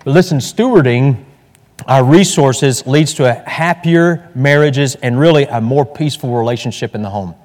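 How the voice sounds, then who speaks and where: Folksy pastor in an echoey hall. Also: male voice, medium pitch, moderate pace, a little mellow. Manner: folksy, chatty, many fillers and restarts. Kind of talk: evening church teaching. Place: church hall.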